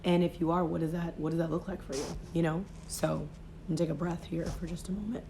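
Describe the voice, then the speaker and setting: A woman coach talks through a motivational livestream in a low, gravelly voice. She sounds reflective and unhurried, and keeps coming back to "you know" as she works through her thoughts. It sounds like a phone mic. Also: steady tone, noisy background. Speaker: life coach. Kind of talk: casual motivational livestream talk.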